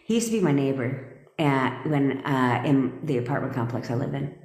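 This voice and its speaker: A woman's voice: a bass voice, takes it slowly, long pauses. A woman manifestation coach talking to her live stream audience, blunt and emphatic, swearing freely. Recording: echoey room with long reverb.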